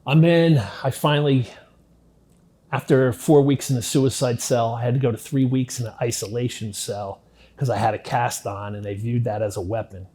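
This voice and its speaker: A middle-aged man telling his own life story in an interview, speaking candidly, swearing casually and dropping very low at the darkest parts. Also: steady tone, moderate pace. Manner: candid, drops to near-quiet at grim moments, swears casually. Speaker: interview guest.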